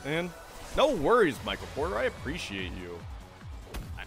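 A man streaming a boxing game, commenting live, greeting viewers and bursting into excited shouts. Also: a little high, moderate pace, vocal fry, faint music behind.

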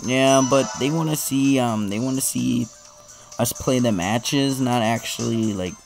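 A casual gameplay commentator, excitable and teasing, joking through the match. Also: mid-range voice, measured pace, creaky. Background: game music.

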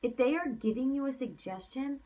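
A woman's voice: high voice, a little fast, mellow, distant mic, highs cut off, a little hiss or hum. Emphatic woman coaching her team. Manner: emphatic, repeats herself for effect. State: tired, yawning late at night. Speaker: team leader. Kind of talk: motivational coaching talk.

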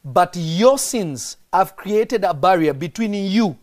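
A man's voice: high voice, animated, takes it slowly, darkish tone. A man preaching as a prophet on a podcast, stressing and repeating key lines and quizzing his listeners.

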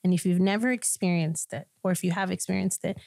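A woman pastor sharing her personal testimony in a podcast conversation, an animated storyteller who acts out the people in her story and laughs often. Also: lowish voice, quick pace, gravelly, no room sound. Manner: laughs often between lines.

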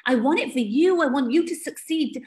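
Woman, high register, emphatic motivational team trainer. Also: lively intonation, normal speed, darkish tone. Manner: emphatic and direct, with rising exclamations. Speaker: network marketing team leader.

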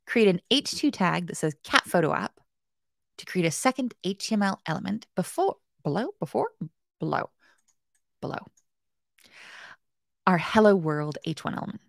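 A woman's voice: on the low side, big pitch swings, normal speed, creaky, pauses often, no echo. Woman, live coding tutorial host, chatty, playful, self-mocking, talks to chat viewers, dry close sound. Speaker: web development bootcamp host.

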